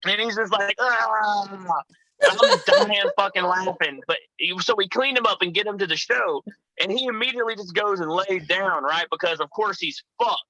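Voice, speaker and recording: A man's voice: high-pitched, sing-song, fairly quick, bright, forceful tone, poor audio. Foul-mouthed man telling road stories. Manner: swears constantly, rambling tangents, acts out quoted voices. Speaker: professional wrestler, guest. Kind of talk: profane storytelling chat.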